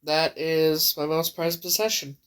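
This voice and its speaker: A woman crying as she tells a rambling, emotional personal story indoors at home, with halting restarts. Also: deep voice, fairly even intonation, background noise. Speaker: vlogger.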